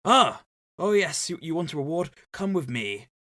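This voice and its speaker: A man's voice: a little high, very animated, brisk, voice pushed up. A man voicing a blustering male villain who barks abrupt orders, raising his voice. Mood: bossy.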